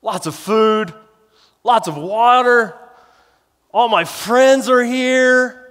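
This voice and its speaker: A man's voice: very high-pitched, takes it slowly, a bit bright, clean tone, voice pushed up, exaggerated voice. A contented, overconfident male sheep chatters about his pen in a raised, lightly sung-up voice, as a man puts him on. The sound carries a long reverb, as if from a big sanctuary. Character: naive self-satisfied male sheep.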